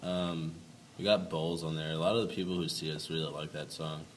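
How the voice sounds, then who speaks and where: A man's voice: very deep voice, flat delivery, a little fast. A young man from a band, chatting casually in an interview, laid-back and laughing often. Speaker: band member guest. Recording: distant mic with noise.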